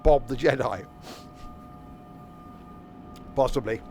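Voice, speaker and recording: A man's voice: mid-range voice, fairly quick, darkish tone, a little hiss or hum. A man streaming a train simulator game, chatting casually and joking as he reads his viewers' messages. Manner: joking banter, reading viewers' chat. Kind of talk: casual gameplay commentary.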